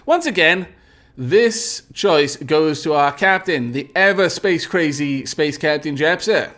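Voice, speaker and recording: A man's voice: on the high side, takes it slowly, a bit bright. A man streaming a space game live, reading event text aloud theatrically and answering chat in polite, formal phrasing.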